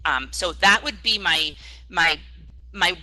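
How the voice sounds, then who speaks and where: A woman's voice: on the low side, slow, bright, forceful tone, rough recording. A woman working as a real estate agent, earnestly giving advice on a panel with hesitant restarts. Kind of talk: panel discussion answer.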